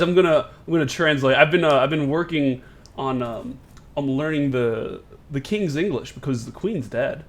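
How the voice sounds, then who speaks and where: A young American man with a mid-range voice, speaking at a moderate pace, hosts a casual gaming session. He's brash and profane and laughs a lot, the kind of host you'd find on a gaming channel.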